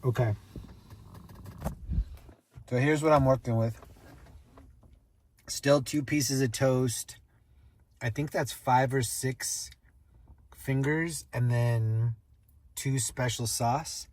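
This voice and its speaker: A man's voice: medium pitch, fairly even intonation, takes it slowly, pauses often, a little mellow, dry recording. A man casually chatting on a live stream, joking, rambling, and greeting viewers by name.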